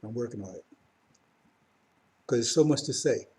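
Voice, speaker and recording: Mellow-voiced man preaching on a live stream. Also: mid-range voice, lively intonation, normal speed. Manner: rambling, self-correcting, rising to fervent emphasis. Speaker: religious teacher. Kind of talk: live-streamed religious talk.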